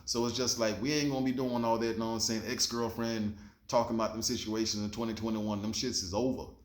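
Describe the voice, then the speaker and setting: A man's voice: fairly low pitch, little pitch movement, fast talker, echoey room. A man hosting his own show, giving a laid-back, slangy motivational talk straight to the camera and swearing freely. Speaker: show host.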